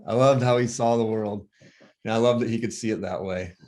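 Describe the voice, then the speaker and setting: A soft-spoken man with a fairly low voice tells a painful personal story as a grieving father. He talks haltingly, pausing often and falling back on fillers. His voice sounds worn and tired. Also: steady tone.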